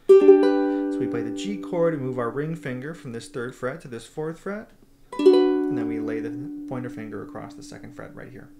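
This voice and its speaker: Gravelly-voiced man teaching ukulele. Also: mid-range voice. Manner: patient, step-by-step, counts beats aloud. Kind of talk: instructional explanation. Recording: ukulele playing throughout.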